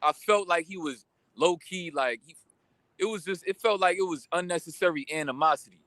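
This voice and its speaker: Animated young man venting a story. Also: high-pitched, no echo. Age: young adult. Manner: animated, slangy, venting with quick asides. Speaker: vlogger. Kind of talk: casual storytime rant.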